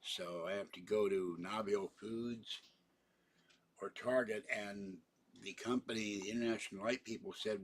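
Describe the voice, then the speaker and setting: A man's voice: on the low side, steady tone, normal speed, slight background noise. A tired man hosting a casual livestream, rambling from one topic to the next with many fillers and yawns. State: tired, yawning. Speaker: livestream host.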